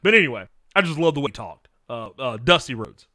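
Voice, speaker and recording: A man hosting a livestream, chatting frankly and excitably, laughing often and swearing as he answers viewer questions. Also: medium pitch, fast, no echo. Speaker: livestream host.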